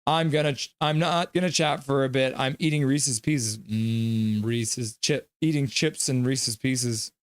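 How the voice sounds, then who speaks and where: A man's voice: medium pitch, fairly even intonation, a little slow, few pauses, no room sound. A man hosting a live stream, chatting casually, reading out chat messages and calling the game play by play. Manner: rambling, reads chat messages aloud. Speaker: livestream host.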